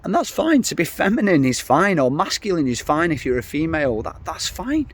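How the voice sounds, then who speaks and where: A man's voice: fairly high pitch, very animated, brisk, slight background noise. A middle-aged man ranting to camera in a casual vlog, blunt, swearing freely and rambling. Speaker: vlogger.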